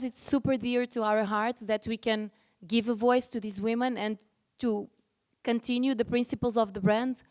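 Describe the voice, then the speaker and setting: Earnest woman. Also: a little high. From Portugal. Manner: earnest, restarts often, gets emotional. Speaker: panel speaker. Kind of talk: panel discussion.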